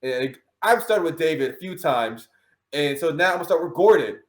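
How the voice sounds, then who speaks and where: Animated host in a roomy echo. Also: male voice, fairly high pitch, moderate pace. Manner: animated, playful, restarts often. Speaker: show host. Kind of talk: casual panel chat.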